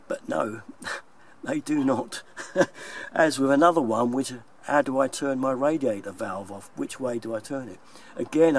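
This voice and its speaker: A man's voice: medium pitch, slightly rough. Chatty London-accented man, mic set back. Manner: chatty, chuckles often, plain-spoken. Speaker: plumber and video maker. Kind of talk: casual vlog talk to viewers. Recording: distant mic, faint background noise.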